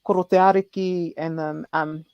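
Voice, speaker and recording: Host, New Zealand male, animated storyteller, dry recording. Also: fairly high pitch, moderate pace, clean tone, no room sound, muffled recording. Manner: animated storyteller who acts out elders' voices. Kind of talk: casual chat.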